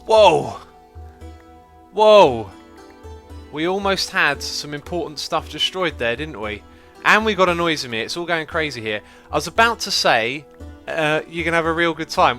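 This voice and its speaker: A man's voice: on the high side, expressive, brisk, hardly any pauses, bright, forceful tone, faint music behind. A man hosting a casual gameplay livestream, chatting away and reading out messages from viewers. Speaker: livestream host.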